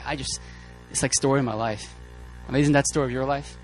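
A man preaching a sermon, telling personal stories in a casual, joking, animated way with many fillers and restarts. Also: mid-range voice, very fast, hardly any pauses, faint music behind.

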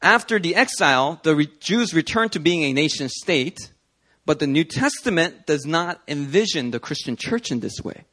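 A man giving a Christian sermon-style video talk, telling personal stories in an animated, conversational way. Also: a little high, moderate pace. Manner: animated storytelling, conversational with fillers. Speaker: Christian teacher.

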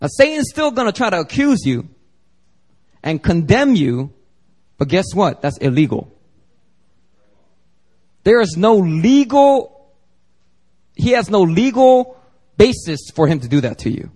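A man's voice: high voice, big pitch swings, a little slow, pauses often, darkish tone. A man preaching a sermon as pastor, conversational and joking, acting out little dialogues. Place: church service.

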